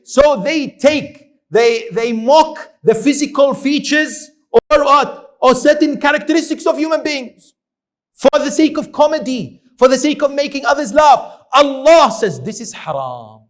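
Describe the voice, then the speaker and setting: Man, high voice, preacher, religious lecture, recites Arabic verses, asks rhetorical questions. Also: animated, unhurried. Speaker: Islamic preacher.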